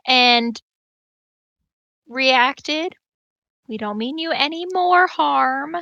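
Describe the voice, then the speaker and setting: A woman with a high, bright voice speaks as a player in a tabletop game. She talks very slowly and haltingly, with lots of ums, and the sound is close and dry. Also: expressive, vocal fry, no room sound, highs cut off. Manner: hesitant, with many ums. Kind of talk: casual chat during a tabletop game.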